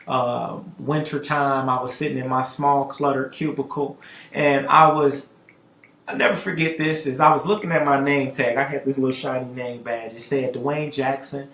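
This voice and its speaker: A man telling a story on a talk show, lively, getting loud and high at dramatic moments. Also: normal speed, roomy sound. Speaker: podcast host telling a story. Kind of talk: animated storytelling.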